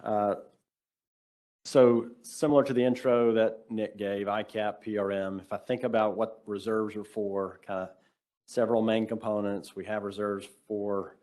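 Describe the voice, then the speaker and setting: A man giving a measured, explanatory technical presentation on a video call, in casual phrasing. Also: on the low side, flat delivery, a little mellow. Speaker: workshop presenter.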